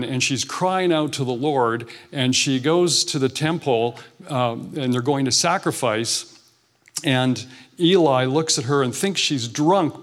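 A man preaching an informal, earnest sermon in a church sanctuary, talking conversationally and often restarting his sentences. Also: medium pitch. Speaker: guest preacher.

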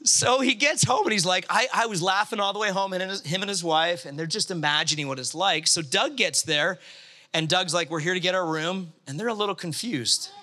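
A man preaching through a story, animated and acting out the voices of the people in it. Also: high-pitched, fairly quick. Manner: animated, acts out quoted voices. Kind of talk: storytelling sermon.

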